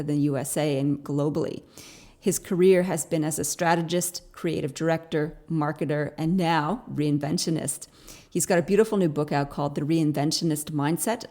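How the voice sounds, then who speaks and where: Female interview host from Canada, low-ish voice, enthusiastic delivery. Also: warm tone. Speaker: podcast host. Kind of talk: podcast interview.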